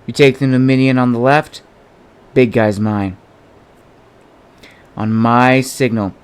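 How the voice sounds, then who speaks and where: Man doing a bold young spartan fighter, defiant, sharp loud threats, clear voice, audiobook. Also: medium pitch, steady tone, takes it slowly, lightly acted.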